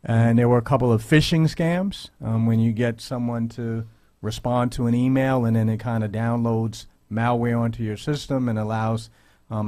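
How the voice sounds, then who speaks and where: A man hosting a radio talk show, speaking in a measured, earnest way with frequent pauses and "um"s. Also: medium pitch, mellow, no room sound. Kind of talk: radio commentary. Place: radio studio.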